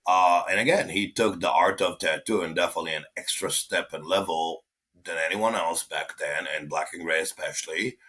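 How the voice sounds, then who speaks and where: Deep forceful man. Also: normal speed. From Israel. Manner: animated, swearing, acting out quotes. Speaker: guest, tattoo artist. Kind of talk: casual storytelling.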